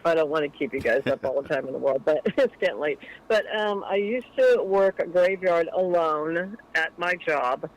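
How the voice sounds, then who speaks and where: A woman's voice: deep voice, no echo, highs cut off. A woman calling in to a late-night show, telling a long personal story in a chatty way and animating the voices of people she quotes. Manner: chatty, animated when quoting others. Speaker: caller.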